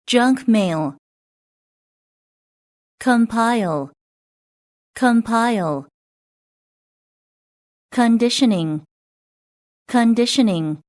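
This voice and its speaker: This is a woman reading a vocabulary list aloud for students. She says every word twice at an unhurried, deliberate pace. Her voice sits a little high, and each word is cleanly separated from the next. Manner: reads each word twice with even, careful enunciation. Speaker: vocabulary reader.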